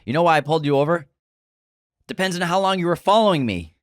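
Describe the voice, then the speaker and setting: A man's voice: fairly high pitch, expressive, pitched above the performer's own voice, lightly acted. A man doing a frantic motor-mouth lawyer. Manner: rapid breathless list with a big inhale. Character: frantic lawyer rattling off his traffic offences.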